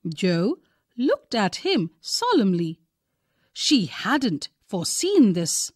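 Slow, expressive Indian woman reading. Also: medium pitch, no room sound, clean studio sound. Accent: Indian English. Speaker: teacher reading a textbook story. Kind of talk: reading a story aloud.

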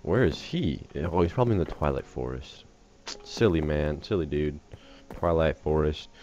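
Speaking at normal speed in a very deep, slightly mellow voice, the American gaming channel host rambles and jokes through casual commentary. He's tired after just waking up and easily distracted, and the lo-fi recording is dull with a faint hiss.

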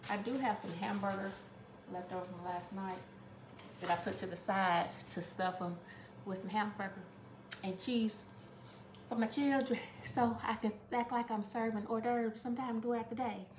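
A woman's voice: medium pitch, fairly even intonation, normal speed, a little mellow, reverberant, slight background noise. A woman chatting through a home cooking demonstration, affectionate and talkative, calling her viewers honey.

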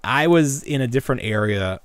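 A man co-hosting a podcast who rambles through casual stories, full of fillers and quick laughs. His pitch swings widely as he talks. The sound is dry and close. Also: expressive, no echo. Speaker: podcast co-host. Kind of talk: casual chat.

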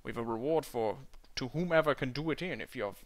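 A man putting on a gruff Scottish old dwarf. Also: medium pitch, lively intonation, a little fast, close to an everyday voice. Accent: mock Scottish. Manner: stumbling over the written lines. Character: gruff old male dwarf miner, blunt.

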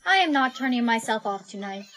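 A woman's text-to-speech voice playing a curious female household robot in a flat, synthetic way. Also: fairly high pitch, brisk.

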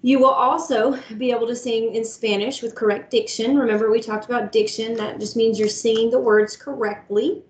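A woman's voice: on the high side, steady tone, normal speed, hardly any pauses. A woman, a music teacher giving an upbeat online lesson to young children. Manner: upbeat, talks to kids directly with lots of "guys" and "all right".

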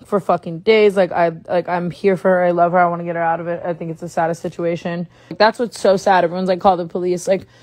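A woman's voice: on the low side, little pitch movement, fast talker, darkish tone, dry recording. A woman talking on a phone livestream, agitated and rambling, swearing often. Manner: agitated, swears a lot, rambling with many likes. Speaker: social media livestreamer. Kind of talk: casual livestream talk.

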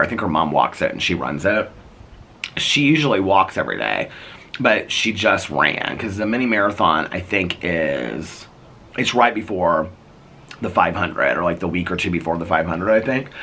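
A man's voice: deep voice, gravelly, bright, forceful tone, breathy edge. A man in his fifties vlogging outdoors in his neighborhood, chatting in a meandering, storytelling way and laughing often. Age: 50s. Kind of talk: casual rambling vlog chat. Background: faint outdoor ambience with birds.

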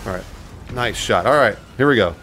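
A man's voice: fairly low pitch, animated, a little fast, a bit bright, a little hiss or hum. A man playing a video game with friends, joking and laughing often. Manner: laughs often, playful, teasing. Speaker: game player. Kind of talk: comic gameplay banter.

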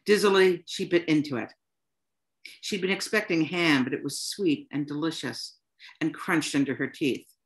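A woman author reading her own short story aloud to an audience, in a plain, unhurried storytelling manner. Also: low voice. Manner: unhurried, plain storytelling delivery with soft "um" fillers.

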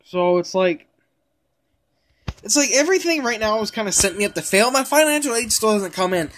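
A man's voice: sits high, lively intonation, brisk, fairly bright tone. Frustrated young man ranting. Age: young adult. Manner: frustrated, heavy cursing, rambling. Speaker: gaming vlogger. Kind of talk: ranting while playing a game.

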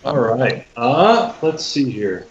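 A man's voice: mid-range voice, sing-song, takes it slowly. A man playing a tabletop game, calling his rolls in a matter-of-fact way. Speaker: player. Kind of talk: casual tabletop play. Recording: roomy dull audio with faint music.

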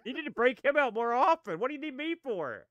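A man's voice: extremely high pitch, sing-song, fast talker, a bit bright, no room sound, dull audio. A man co-hosting a casual podcast, playful and ribbing the others. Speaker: podcast co-host. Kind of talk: casual chat.

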